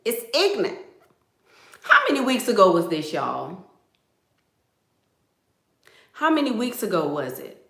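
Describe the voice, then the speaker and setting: A woman's voice: lowish voice, bright, forceful tone, reverberant. A woman vlogger telling gossip to her viewers in a casual, chatty way, often calling them "girl".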